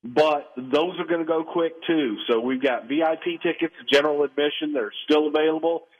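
A man's voice: on the high side, brisk. A man telling a story on a radio call-in interview, acting out the people in it, heard through a muffled phone line outdoors in the cold. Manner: animated storyteller, acts out quoted voices. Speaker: podcast host guest.

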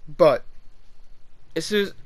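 A man talks through a history topic in a loose, unscripted way, his voice sitting a little high. He speaks slowly and keeps hedging and correcting himself mid-sentence. His tone stays offhand and irreverent throughout. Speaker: history video creator. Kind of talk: casual unscripted history commentary.

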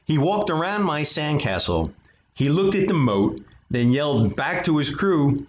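A man's voice: fairly high pitch, sing-song, measured pace. A man reading a children's picture book aloud as a storyteller, breaking off for chatty asides to his listeners. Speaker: storyteller for an art studio. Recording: dull lo-fi recording.

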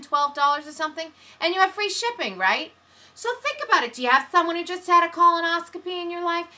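A woman gushing excitedly as she unboxes and shows off a product on video, breaking into exclamations and sing-song bits. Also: very high voice. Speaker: video reviewer.

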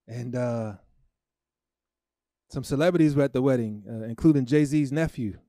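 A man preaching a sermon as pastor, emotional and emphatic, with dramatic pauses. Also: mid-range voice, mellow, no room sound, clean studio sound.

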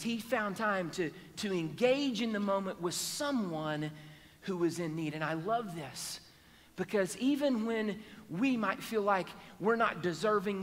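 A man's voice: high voice, a bit bright, long reverb tail. A man preaching a sermon, telling a Bible story and acting out its people's voices. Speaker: pastor. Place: church sanctuary.

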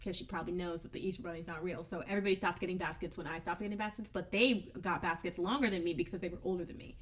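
A young woman co-hosting a casual chat, relaxed, asking questions and laughing often. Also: fairly low pitch, very fast. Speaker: podcast co-host.

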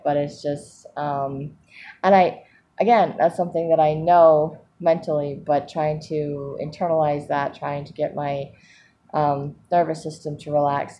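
A woman with a low, mellow voice talks through her day in a rambling, candid video diary, laughing often. A faint hiss of background noise sits under her voice. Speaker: vlogger.

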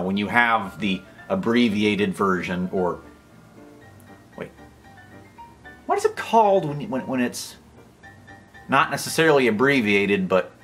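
A man's voice: mid-range voice, a bit bright. An American man giving a comedic vlog monologue, rambling and over-the-top, often stopping himself mid-sentence. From United States. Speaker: YouTube commentator.

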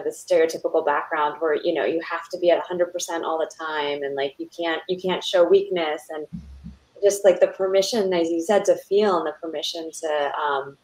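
Woman host, 30s, kinda low voice, excited and personal. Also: poor audio. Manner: enthusiastic, warm and personal. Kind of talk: conversational interview.

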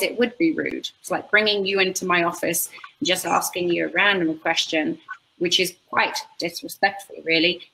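A woman's voice: fairly low pitch, a little hiss or hum, poor audio. A woman, an animal communicator telling stories in conversation and acting out what clients say. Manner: expressive, acts out quoted clients. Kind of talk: conversational storytelling.

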